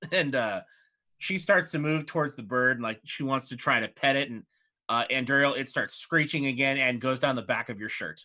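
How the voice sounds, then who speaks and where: A man narrating a tabletop game as game master, in an animated storytelling manner. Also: mid-range voice, moderate pace.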